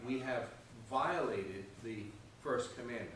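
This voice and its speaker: A man teaches a Sunday school Bible lesson in a plain, mid-pitched voice. He talks conversationally and keeps asking "okay?" and "right?". The mic is far from him, so his voice comes across in an echoey church classroom. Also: unhurried, fairly bright tone, a little hiss or hum. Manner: checks in often with "okay?" and "right?".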